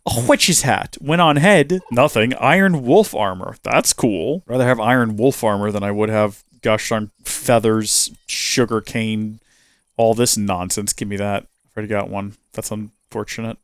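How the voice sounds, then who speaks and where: A man's voice: fairly low pitch, a little slow, clear, resonant tone, no room sound. A man hosting a gaming channel, giving let's play commentary and exclaiming and talking to himself as he plays. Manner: animated, exclaims and talks to himself while playing.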